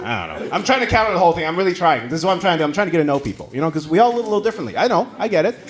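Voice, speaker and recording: A man's voice: high-pitched, very fast, a crowd in the background. A man from Taiwan, whose first language is Mandarin, doing a conversational stand-up comedy set in a comedy club. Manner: animated, conversational storytelling. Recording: live club recording with loud audience laughter.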